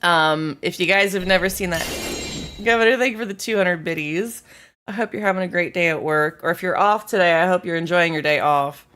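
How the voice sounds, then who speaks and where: A woman's voice: lowish voice, a little fast, fairly bright tone. A woman streaming live, chatting casually with viewers while feeling unwell, candid and apologetic, thanking people by name. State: feeling unwell, low energy.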